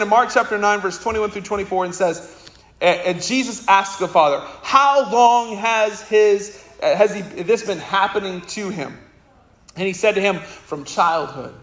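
A man's voice: high voice, fairly bright tone, echoey room. A man preaching a sermon with passion, asking the congregation direct questions and crying out when he quotes the anguished father. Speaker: pastor.

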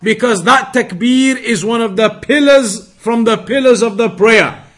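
A man teaching a religious lesson, reading Arabic text quickly and then explaining it slowly, drawing out words to demonstrate pronunciation. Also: extremely high pitch, a bit bright. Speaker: Islamic teacher.

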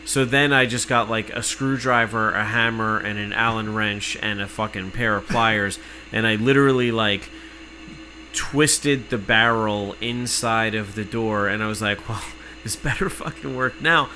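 A man telling an exasperated, profane story in casual podcast chat, cursing freely and working himself up to shouting. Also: on the low side, fairly even intonation, unhurried, a little hiss or hum, poor audio.

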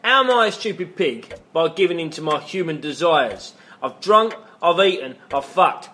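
A man's voice: fairly high pitch, animated, normal speed, pushed and bright, slight background noise. An actor playing a blunt, swearing male philosopher from East London with an East London accent and a dismissive manner. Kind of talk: comedy sketch acting.

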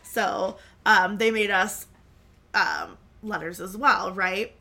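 Bright-voiced chatty woman podcast host. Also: medium pitch, takes it slowly. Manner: chatty storyteller, heavy on filler words. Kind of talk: casual chat.

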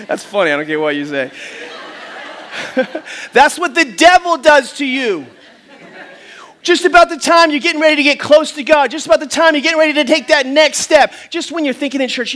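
A man's voice: extremely high pitch, moderate pace. A male pastor preaching a sermon, telling funny stories, doing voices and calling the congregation to answer back. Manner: animated storytelling with funny voices and audience call-and-response; loud preaching bursts.

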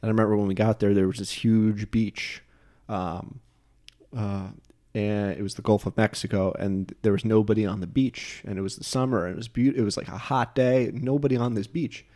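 A man's voice: lowish voice, fairly even intonation, normal speed, warm tone. A young man from New Jersey hosting a podcast in casual chat, rambling and restarting words as he goes. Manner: rambling, self-interrupting with repeated words. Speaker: podcast host.

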